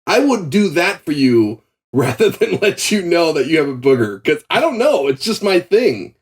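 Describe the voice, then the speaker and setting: Animated, laughing male comedian. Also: fairly high pitch, moderate pace. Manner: animated storytelling, laughs often. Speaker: podcast guest, comedian. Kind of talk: casual podcast chat.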